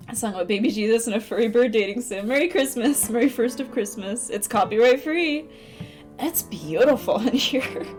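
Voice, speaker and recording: A young woman live-streaming a dating sim, commenting casually, reading lines aloud and breaking into high laughter. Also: darkish tone. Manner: giggly, bursts into high laughter. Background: faint game music.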